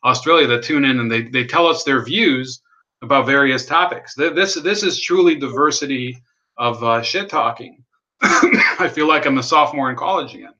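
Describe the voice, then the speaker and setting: A man's voice: mid-range voice, normal speed, sharp tone, muffled recording. A man hosting a political livestream, rambling and sardonic, swearing and reading out chat messages. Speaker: livestream host. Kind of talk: casual political livestream commentary.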